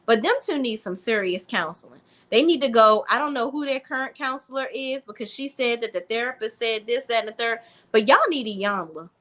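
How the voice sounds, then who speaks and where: A woman's voice: on the high side, lively intonation, a little fast, fairly bright tone. A woman recapping a reality show in a casual vlog, blunt and slangy with plenty of swearing. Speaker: reality TV reviewer.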